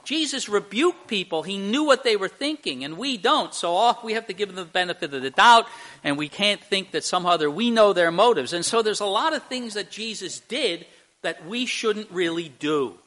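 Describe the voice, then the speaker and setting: A male pastor preaching a conversational sermon in church, halting with fillers and restarts and speaking directly to the children. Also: high voice, expressive, fairly bright tone. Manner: addresses children in the congregation directly.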